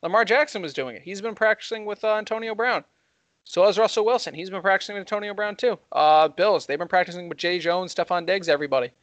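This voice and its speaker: A young man co-hosting a heated casual debate, talking fast and getting excited as he argues. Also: high-pitched, no room sound. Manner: fast, excitable, rising when worked up. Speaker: co-host.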